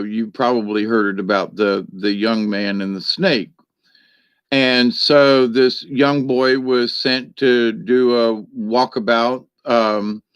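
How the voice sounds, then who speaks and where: Guy rambling thru a spiritual talk, lots of um and you know, slow and dry sounding. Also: mid-range voice, no echo. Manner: rambling, many fillers and restarts. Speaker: spiritual teacher. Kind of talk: casual spiritual talk with storytelling.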